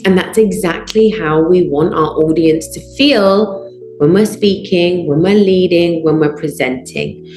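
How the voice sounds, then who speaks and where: Female speaking coach, lower register, slow and deliberate, emphatic list-style delivery; roomy echo. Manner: emphatic, builds lists of short punchy phrases. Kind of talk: online training lesson.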